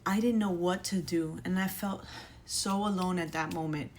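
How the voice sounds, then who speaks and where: Earnest young mom, low-ish voice, faint room noise behind, heartfelt testimony. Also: female voice, fairly even intonation, moderate pace, a little mellow. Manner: earnest, emotional, with many fillers and restarts. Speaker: single mom sharing a faith testimony. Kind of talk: casual personal testimony.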